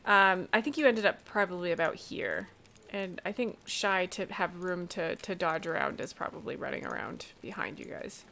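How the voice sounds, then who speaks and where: A woman acting as game master of a tabletop role-playing game, narrating and pausing to think aloud while she works a map program. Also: lowish voice, vocal fry, sharp tone. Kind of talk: running a tabletop game over a call.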